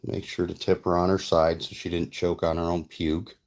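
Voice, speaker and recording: A man speaks in a casual vlog, loosely telling a family story with plainspoken, profane asides. His voice sits very low, and it has a rough, crackling fry. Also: level tone, normal speed, darkish tone. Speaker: vlogger and father.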